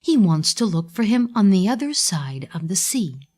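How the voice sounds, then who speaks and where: A woman's voice: mid-range voice, big pitch swings, moderate pace, a little mellow. A woman voicing a sympathetic old woman in a storybook, speaking in a pitying way.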